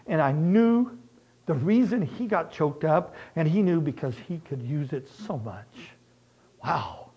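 A middle-aged man preaching a sermon, telling personal stories in an animated way and acting out both sides of conversations. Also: fairly high pitch, unhurried, slightly rough, muffled recording.

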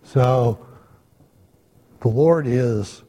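A man teaching a church Bible study class in a conversational lecture style, pausing often on "uh" and checking in with his listeners. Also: mid-range voice, lively intonation, dark tone, slightly rough. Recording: long hall reverb.

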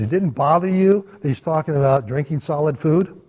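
Bible study guy talking to the class, warm low-key voice, lots of hall echo. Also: a little fast. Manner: conversational, checks in with "okay?". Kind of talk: church Bible study lecture. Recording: long hall reverb.

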